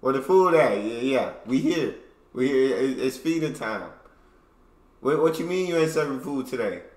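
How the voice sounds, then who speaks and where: A man voicing a flock of pushy, hungry cockatoos demanding their food, talking loud and slangy. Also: mid-range voice, animated, normal speed, pitched above the performer's own voice, natural voice. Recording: roomy room, faint background noise.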